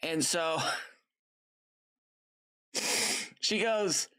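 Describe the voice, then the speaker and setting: Middle-aged guy rambling on his stream, kinda high voice, lots of ums and side tangents. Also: drawn-out words, bright, forceful tone, clean tone. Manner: rambling, chatty storyteller with lots of fillers; gives friendly step-by-step cooking tips to viewers. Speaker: gaming livestream host. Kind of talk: casual chat.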